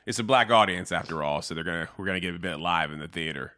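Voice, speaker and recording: A man's voice: deep voice, quick pace, sharp tone, no room sound, clean studio sound. A man co-hosting a podcast, talking things through in a thoughtful, hesitant way. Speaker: podcast co-host. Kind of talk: casual chat.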